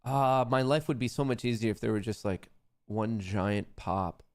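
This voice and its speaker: A man's voice: lowish voice, moderate pace. A man hosting a live trading stream, chatting casually to viewers and muttering anxious repeated questions to himself, sometimes dropping to a near whisper. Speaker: livestream host trading stocks.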